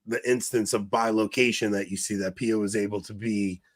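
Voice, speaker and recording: A congested man co-hosting a podcast, sounding feverish. He rambles in casual conversation with frequent restarts and throat-clearing. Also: on the low side, fairly even intonation, fairly quick, no echo. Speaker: podcast co-host. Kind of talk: casual chat.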